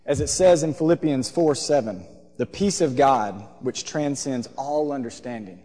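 Pastor preaching in a reverberant hall. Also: male voice, mid-range voice, normal speed. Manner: storytelling, animated, acts out voices. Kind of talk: sermon. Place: church stage.

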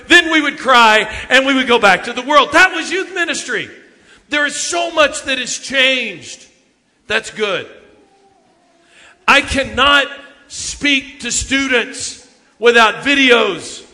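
A man, telling funny youth ministry stories in an animated sermon talk. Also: extremely high pitch. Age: 50s. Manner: animated storytelling, jokes with the audience. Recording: long hall reverb.

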